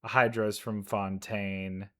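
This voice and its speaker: A young man casually reacting to game trailers, chatty and quick to laugh, with bursts of excitement. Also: lowish voice. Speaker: reaction video creator. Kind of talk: casual commentary while reacting to videos.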